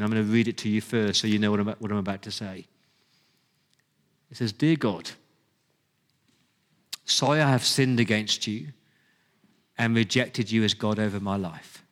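A man preaching a sermon to his church, earnest and pleading, pressing his points with emphasis. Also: lowish voice. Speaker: pastor. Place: church hall. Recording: long hall reverb.

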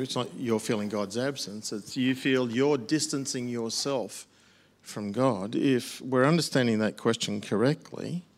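A man's voice: mid-range voice, slight background noise. An older man, a pastor answering questions at a church Q&A in a plainspoken way with dry humorous asides.

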